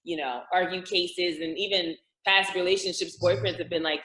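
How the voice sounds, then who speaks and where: A woman from Louisiana, an actress, chatting as an interview guest in an animated way, laughing often and acting out quotes. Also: lowish voice, normal speed, roomy sound, poor audio. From Louisiana, USA. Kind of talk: casual interview chat.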